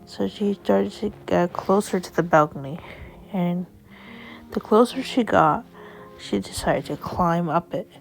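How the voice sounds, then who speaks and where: Slow, gravelly woman telling a story. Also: fairly low pitch. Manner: unhurried, plain storytelling. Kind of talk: storytelling narration.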